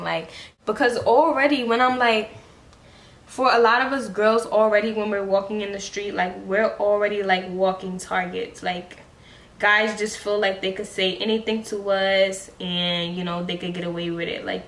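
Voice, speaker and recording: A woman's voice: mid-range voice, fairly bright tone. A young woman beauty vlogger telling a story in a heated, blunt, profane way while getting ready. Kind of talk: get-ready-with-me storytime chat. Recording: echoey room, faint background hiss.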